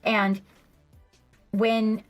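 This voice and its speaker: A woman hosting a casual livestream, rambling excitedly and reacting to her chat. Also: mid-range voice, drawn-out words, low-quality recording. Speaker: livestream host. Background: faint background music.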